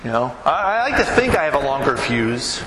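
Conversational pastor preaching in an echoey hall. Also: male voice, mid-range voice, fairly quick. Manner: conversational, keeps asking "right?"; tells stories with vivid, animated mimicry. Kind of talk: sermon. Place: church sanctuary. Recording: echoey hall, noisy room tone.

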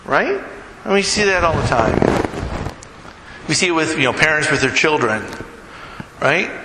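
A man's voice: on the high side, big pitch swings, normal speed. A man preaching a sermon to his church in a conversational way, often checking in with "right?". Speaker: pastor. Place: church sanctuary. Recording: echoey hall with noise.

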